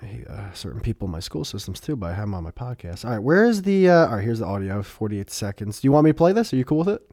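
A man's voice: on the low side, very animated, racing, creaky, darkish tone, no room sound, studio quality. A man hosting a casual podcast, rambling, laughing often and swearing freely. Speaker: podcast host.

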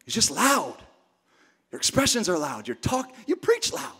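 Really high-pitched guy preaching at church, chatty, keeps getting fired up and yelling. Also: wildly swooping pitch, moderate pace, slightly rough. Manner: impassioned, conversational, bursts into shouting. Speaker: pastor. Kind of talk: sermon. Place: church service.

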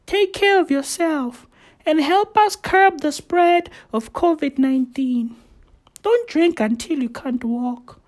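A woman's voice: a little mellow, heavily acted. A woman mockingly imitating a woman politician who lectures the public on drinking responsibly, in a preachy tone. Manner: preachy, mocking, high and slow.

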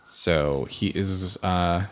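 Casual low-voiced man running a tabletop game. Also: steady tone, clear, resonant tone. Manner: casual, halting, many fillers. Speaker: game master.

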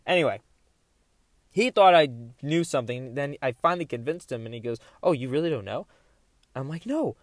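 Young guy rambling thru a story on his podcast, kinda high voice, dead dry sound. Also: no room sound. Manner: animated, rambling, self-interrupting. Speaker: podcast host. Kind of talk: casual solo storytelling.

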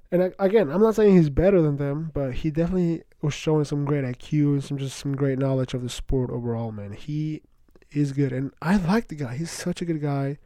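A young man hosting a podcast, rambling excitedly in casual slangy chatter, full of "bro" and "like". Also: fairly high pitch, a little fast, no room sound. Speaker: podcast host. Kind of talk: casual solo podcast talk.

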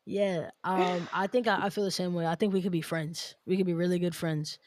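A woman's voice: fairly low pitch, a little fast, no room sound. Chatty podcast host woman, dry close mic. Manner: chatty, animated, laughs often. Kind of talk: casual podcast chat.

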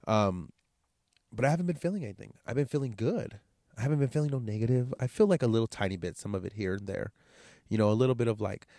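A man's voice: lowish voice, darkish tone, no echo, studio quality. Congested man rambling on his podcast. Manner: rambling, profane and candid. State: congested, nasal from a cold. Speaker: podcast host. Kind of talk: casual solo podcast monologue.

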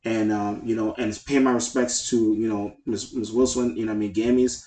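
A man's voice: lowish voice, flat delivery, brisk, mellow. Rambling heartfelt man in an echoey room. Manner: heartfelt, rambling, many fillers. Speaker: podcast co-host. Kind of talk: casual chat.

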